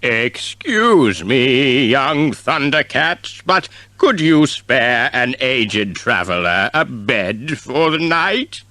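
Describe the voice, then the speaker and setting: A man voicing a cackling, ancient, evil male sorcerer in a storybook reading, speaking slowly and gloatingly. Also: medium pitch, big pitch swings, pushed and bright, no room sound, heavily acted. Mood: false frailty. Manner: slow, gloating, menacing.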